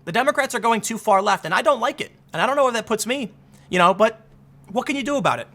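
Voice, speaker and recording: A man giving solo political commentary in an animated, sarcastic way, rambling with frequent restarts. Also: very high-pitched, quick pace.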